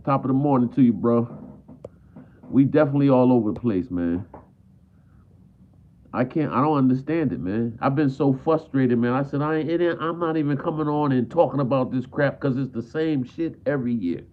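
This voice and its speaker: A man ranting as a frustrated basketball fan on a live stream. He repeats himself and drops "man" at the end of almost every line. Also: medium pitch. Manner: frustrated, repetitive, peppers talk with "man". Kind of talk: live stream sports rant. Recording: tinny phone-like audio.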